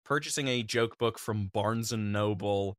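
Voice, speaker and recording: A man in his twenties co-hosting a comedy podcast, trading dry, jokey deadpan asides. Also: lowish voice, unhurried, dry recording. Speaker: podcast co-host. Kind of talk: casual comedic banter.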